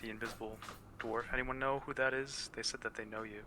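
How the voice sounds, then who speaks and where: A man playing a tabletop game who speaks as his character in a jokey, casual way. His voice is very bright and sharp, with faint noise behind him. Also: medium pitch, steady tone, fast talker. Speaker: player.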